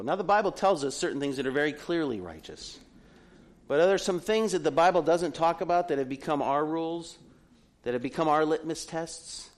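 A middle-aged man preaching a sermon to a congregation, telling stories with humorous asides. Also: mid-range voice. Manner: animated storytelling with humorous asides. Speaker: pastor.

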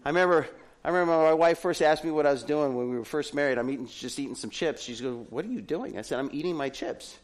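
A man's voice: on the high side, fast, few pauses. A middle-aged man preaching a sermon to a congregation, telling stories with humorous asides. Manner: animated storytelling with humorous asides. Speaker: pastor.

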